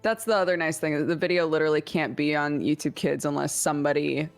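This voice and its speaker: A woman's voice: sits low, fairly even intonation, fast talker, no room sound, soft background music. A woman and parent in casual chat among players, laughing easily and telling stories animatedly.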